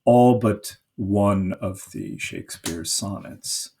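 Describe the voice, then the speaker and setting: A man's voice: fairly low pitch, warm tone, a little hiss or hum. A man teaching a poetry lesson, explaining patiently with fillers and reading lines aloud. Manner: slow, patient explaining with fillers, sounds out rhythms.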